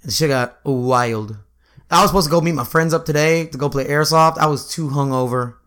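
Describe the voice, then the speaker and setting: A young man chatting casually, telling animated stories with lots of laughing and swearing. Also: fairly high pitch, fairly quick, clear, resonant tone. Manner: animated storyteller, laughs often, swears freely. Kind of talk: casual chat.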